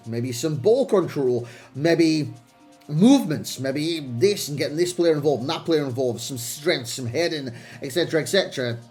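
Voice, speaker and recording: Reviewing a game card for his viewers, this young man keeps things chatty and addresses them as "lads" and "boys." He's a gaming video creator whose voice runs somewhat high and a little mellow. Faint background music sits underneath.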